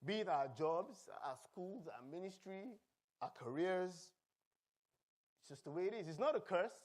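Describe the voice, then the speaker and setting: High-voiced Nigerian pastor preaching. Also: male voice, measured pace. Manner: animated preaching with humor and call-and-response. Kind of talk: sermon. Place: church.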